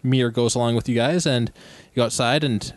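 A man acts as game master for a tabletop game, speaking haltingly with frequent pauses and restarts. His mid-range voice holds a steady tone, and the recording has no room sound.

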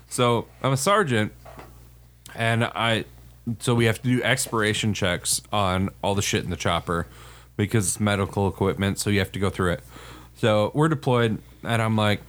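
A man's voice: on the low side, normal speed. A man who was an Army sergeant, telling profane stories in casual chat. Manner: animated, profane storyteller. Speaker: Army veteran, former sergeant.

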